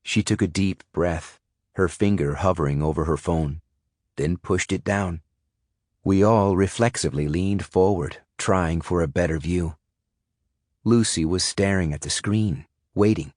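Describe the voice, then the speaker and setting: A man reading a thriller audiobook in first person, measured and suspenseful. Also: low-pitched, a little mellow, dry recording, clean studio sound. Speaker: audiobook narrator. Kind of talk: scripted audiobook narration.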